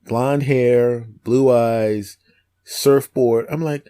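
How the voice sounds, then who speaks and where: A man's voice: medium pitch, normal speed, a little mellow. A man as a podcast guest, telling a funny story in casual chat, laughing often and slipping into the voices of people he quotes. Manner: laughs often while talking.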